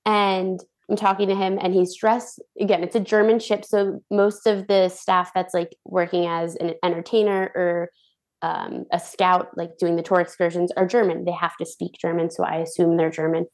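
A woman's voice: lowish voice, normal speed. Bubbly woman telling a story. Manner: bubbly, animated, acts out quoted voices. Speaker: guest, former cruise ship dancer. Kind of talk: casual storytelling interview.

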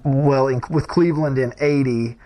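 A man interviewing a guest, asking halting questions broken by fillers. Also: medium pitch, fairly even intonation, warm tone.

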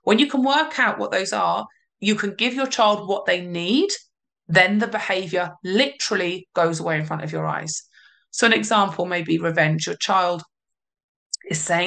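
A woman, a parenting coach giving advice in a podcast interview, explaining calmly with emphatic repeats. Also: on the low side, normal speed, gravelly.

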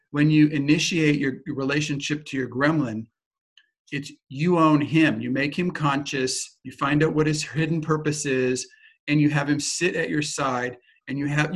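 A man giving a teaching talk, telling a lively personal anecdote in a casual way that includes some swearing. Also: fairly high pitch. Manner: animated, vivid storyteller with casual swearing.

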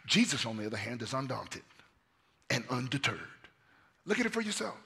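A man preaching a lively sermon in a hoarse voice, swinging from shouts down to near-whispers and telling stories in casual slang. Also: medium pitch, a little fast. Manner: casual slang-laced storytelling. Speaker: pastor.

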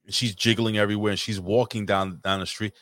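A man's voice: fairly low pitch, level tone, fast, a bit bright, no room sound, clean studio sound. A man hosting a casual chat over a remote call, blunt, profane and teasing. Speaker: podcast host.

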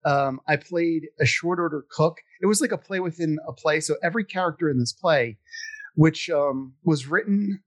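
Chatty man rambling through a story. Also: on the high side. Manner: rambling, animated, self-deprecating, with many fillers. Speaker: podcast guest telling stories. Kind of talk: casual storytelling chat.

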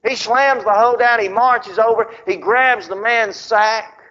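A man preaching a sermon, telling a story with dramatic pauses, on a dull lo-fi recording. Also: high voice, sharp tone.

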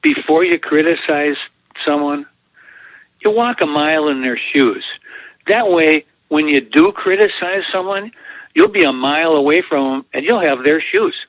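A man's voice: on the high side, sing-song, unhurried, no echo. A man co-hosting a casual chat show, telling corny jokes and chuckling at his own lines. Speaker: podcast co-host telling jokes. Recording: dull, lo-fi dry recording.

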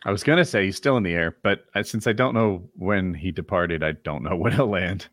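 A man's voice: deep voice, brisk, dry recording, clean studio sound. A man on a casual chat podcast, laying out his opinions with emphatic asides. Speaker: podcast co-host.

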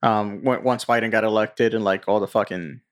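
A man's voice: lowish voice, fairly even intonation, moderate pace. Profane, rambling podcast guy. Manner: loose, profane banter with frequent fillers. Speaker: podcast co-host. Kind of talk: casual chat.

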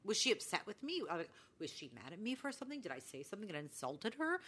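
A podcast co-host chats casually, her mid-range voice swinging widely in pitch as she talks fast with a slightly bright tone. She acts out quoted lines while telling a story.

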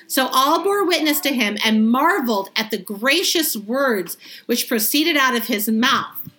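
A woman with a fairly high voice leads a Bible study. She reads a scripture passage aloud, then explains it in plain, lively, conversational words. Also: a little slow, a little hiss or hum. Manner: lively, conversational, acts out the crowd's reactions. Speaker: Bible teacher.

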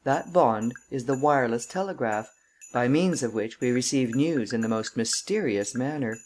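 A woman reading a classic novel aloud as an audiobook narrator, measured and formal. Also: very deep voice, darkish tone. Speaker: audiobook reader.

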